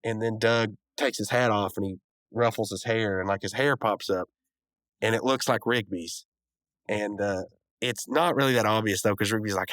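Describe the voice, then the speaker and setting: A man's voice: fairly low pitch, normal speed, fairly bright tone, no echo. Rambling man recapping a cartoon episode. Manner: rambling, chuckling, lots of fillers. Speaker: podcast host.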